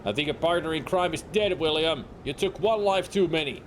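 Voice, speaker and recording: A man voicing a steady, defiant male hero in a horror game, speaking firmly. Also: a little high, a little fast, background noise, lightly acted.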